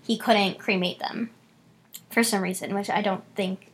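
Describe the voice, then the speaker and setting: A woman's voice: mid-range voice, steady tone, slightly rough. A woman co-hosting a casual chat, reading out news stories and reacting to them. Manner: chatty, fast bursts, laughs often. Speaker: podcast co-host.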